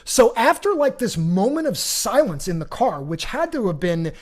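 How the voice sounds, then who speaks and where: A middle-aged man hosting a podcast, telling a long personal story in an animated, rambling way with many restarts. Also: sits high, moderate pace. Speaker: podcast host. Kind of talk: casual storytelling.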